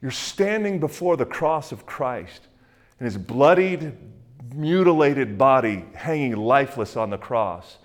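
A male pastor giving a conversational sermon with plenty of fillers and acted-out quotes, then dropping to a hushed voice to pray. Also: mid-range voice, lively intonation, unhurried. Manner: drops to a hushed, soft voice in prayer.

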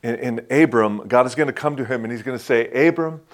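A male pastor delivering a sermon in a casual, conversational way. His voice sits at a middle pitch and often sinks to a soft hush, and his talk is full of friendly asides like "man" and "right?". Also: steady tone, fast. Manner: frequent filler "man" and "right?".

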